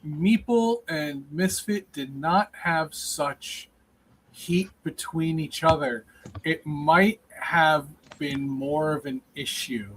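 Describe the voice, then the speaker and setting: A man hosting a stream show with a somewhat high voice. He chats casually, leaning on fillers and quick agreement. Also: a bit bright, a little hiss or hum, low-quality recording. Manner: chatty, full of fillers and quick affirmations. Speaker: show host.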